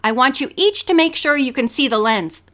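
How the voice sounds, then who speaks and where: Brief: easygoing man behind the camera, read by a woman narrator, high voice. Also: animated, a little fast, fairly bright tone. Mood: instructive. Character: bearded male photographer, easygoing.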